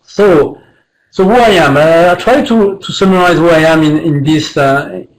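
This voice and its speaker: A man with a French accent giving a webinar presentation, talking haltingly with many fillers and restarts. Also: on the high side, poor audio. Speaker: guest presenter.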